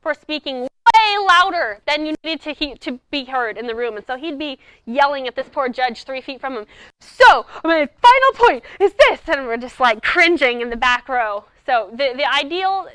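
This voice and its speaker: A woman giving a lively speech-coaching talk to debate students at a conference, acting out her examples as she goes. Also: high voice, normal speed, no room sound. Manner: animated, acts out examples. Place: conference presentation.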